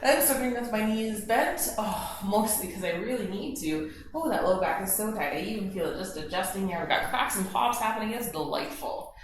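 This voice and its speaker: A woman guiding a gentle yoga class from her home studio, calm and soothing, with chatty asides. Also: medium pitch, moderate pace, hardly any pauses. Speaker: yoga teacher. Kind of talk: guided yoga class instruction. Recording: very echoey home room with faint household noise. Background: household noise, TV news and dishwasher.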